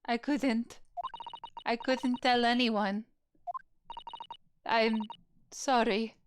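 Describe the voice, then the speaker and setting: A woman voicing a frightened young woman with a hushed Russian accent in a game playthrough. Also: fairly high pitch, fairly even intonation, very slow, noisy background. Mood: broken. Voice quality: breathy, trembling, hushed. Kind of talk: let's play voice acting of game text. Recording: game music underneath.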